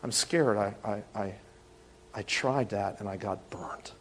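The middle-aged pastor speaks slowly in a fairly low voice, with a little hiss or hum audible. He preaches with animated storytelling, voicing the people in his tales.

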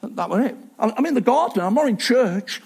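Man, preacher, very high voice, chatty sermon, self-deprecating. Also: lively intonation, a little fast, vocal fry, darkish tone, husky. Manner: chatty, self-deprecating, with many restarts and asides.

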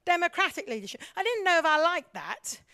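A woman giving a church teaching talk on leadership. She is animated, keeps asking the audience questions and acts out the voices of the people she describes. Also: very high-pitched, a little fast, dry recording, studio quality.

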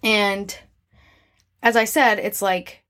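A woman's voice: mid-range voice, steady tone, takes it slowly, fairly bright tone. A woman vlogger talking casually and reflectively about her feelings, with lots of fillers and restarts. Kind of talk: casual personal talk to camera.

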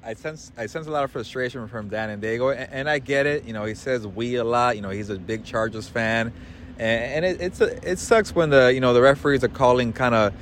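A man co-hosting casual sports analysis, talking in a measured way with many fillers and restarts. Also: mid-range voice, a little hiss or hum. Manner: measured, filler-heavy, hesitant. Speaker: co-host.

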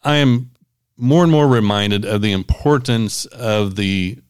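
A man with a smooth, fairly low voice hosts a faith podcast, recorded close and dry. He explains scripture in a measured, explanatory way. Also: a little mellow, no echo. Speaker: podcast host, Bible teacher. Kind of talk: casual podcast chat with Bible teaching.

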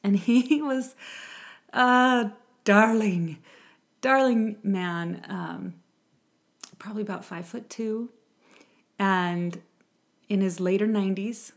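A woman's voice: medium pitch, slow pace, long pauses. A woman who sings for a music ministry, talking casually to viewers before a song, chatty and meandering with frequent asides. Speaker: music ministry singer and host.

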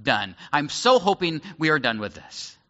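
A man's voice: on the high side, sing-song, moderate pace, bright, forceful tone. A man voicing Pilate as an exasperated, dismissive Roman governor while retelling a Bible scene during a sermon. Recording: echoey hall, slightly dull sound.

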